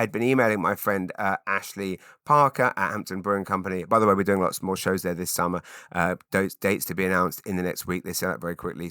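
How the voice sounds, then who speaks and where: British man, low-pitched, dry close sound, rambling podcast chat. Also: bright, forceful tone, no echo. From England. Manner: rambling, self-interrupting, jumps into silly put-on voices. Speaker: podcast host.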